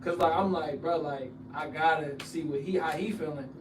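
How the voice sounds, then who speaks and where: Young dude telling stories, gets loud and worked up, voice a bit high, echoey and off mic. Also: male voice, moderate pace. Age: young adult. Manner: animated slang storytelling, rises loud when excited. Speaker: former college football player, guest. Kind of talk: casual podcast chat. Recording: echoey room, mic at a distance, noise behind.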